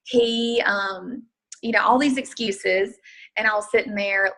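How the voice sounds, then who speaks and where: A woman excitedly telling a story on a group call, acting out her own inner dialogue. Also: medium pitch, a little slow, rough recording. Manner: excited, storytelling with many quoted asides. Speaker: team member sharing a success story. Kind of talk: casual call testimony.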